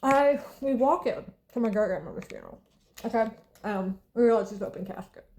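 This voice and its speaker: This woman, a twenty-one-year-old vlogger from the American South, has a fairly high, expressive voice with a darkish tone and talks fairly quickly. She chats casually over a meal, blunt and freely profane, laughing and sighing along the way, with slight background noise in the recording.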